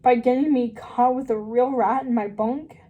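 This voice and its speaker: A woman's voice: fairly high pitch, fairly even intonation, normal speed, narrow, tinny audio, natural voice. A woman voicing a dim, vain young servant girl in a storybook reading, chattering dreamily to herself. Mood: confused.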